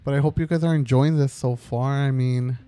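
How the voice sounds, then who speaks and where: Young guy rambling thru a story, lots of likes and ums, smooth dry voice. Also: medium pitch, fairly even intonation, a little fast, mellow, no room sound. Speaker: podcast co-host. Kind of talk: casual storytelling chat.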